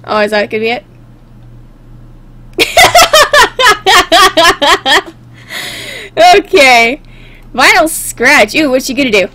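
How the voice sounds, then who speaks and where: A woman's voice: high voice, sing-song, very slow, long pauses, noisy background. Giggly woman playing a game. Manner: giggly, playful, joking. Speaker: gamer. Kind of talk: casual game commentary.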